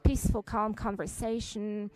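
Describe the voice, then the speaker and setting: Woman, interpreter, press conference, halting, many fillers and restarts. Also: mid-range voice, level tone, a little mellow, poor audio.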